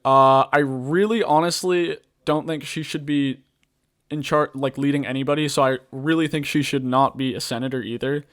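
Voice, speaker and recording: A man's voice: mid-range voice, fairly even intonation, moderate pace, a bit bright. A man hosting a podcast, ranting casually about politics in a rambling, blunt way, full of filler words and swearing. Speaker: podcast host.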